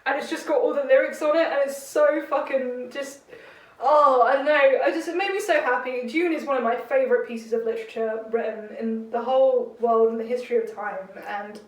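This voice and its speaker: A woman co-hosting a podcast in casual chat. She is animated, laughs often and swears freely. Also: high-pitched, a little fast, distant mic. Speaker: podcast co-host. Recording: echoey room, voice off-mic.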